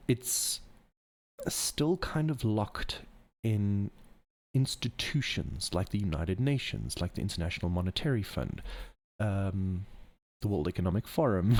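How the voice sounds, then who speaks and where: A man's voice: lowish voice, a little mellow. A man hosting a podcast, talking off the cuff in a rambling way with frequent laughs and self-corrections. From not American. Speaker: podcast host. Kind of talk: off-the-cuff conspiracy podcast monologue.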